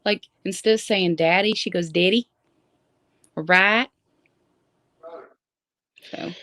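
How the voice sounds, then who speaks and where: A woman's voice: lowish voice, steady tone, fairly quick. A woman with a mild West Virginia accent chats in an easy, curious way, asking how words are said. The sound is dry and close, with no room echo. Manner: curious, quizzes about pronunciation. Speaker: co-host. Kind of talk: casual chat on a livestream.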